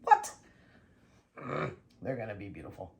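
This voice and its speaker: A woman vlogging casually while she paints, excitable and talking to herself and her dog. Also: very deep voice, measured pace, slight background noise. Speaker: acrylic pour painting vlogger.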